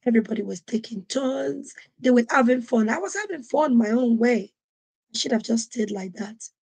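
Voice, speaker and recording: A woman from Nigeria hosting a podcast, telling a personal story in an animated way and acting out what other people said. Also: a little high, normal speed, creaky. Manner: animated, acts out quoted voices. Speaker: podcast host. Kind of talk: storytelling monologue.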